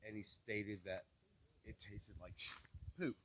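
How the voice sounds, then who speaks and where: Laid-back man with low voice. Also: steady tone, slow pace, noisy background. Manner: laid-back, chuckling, rambling. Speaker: co-host. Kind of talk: casual storytelling chat.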